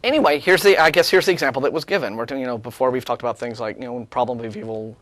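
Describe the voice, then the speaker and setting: A man co-hosting a studio talk show, talking in a sarcastic, animated way, with many restarts. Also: medium pitch, racing. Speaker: co-host. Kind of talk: casual studio discussion.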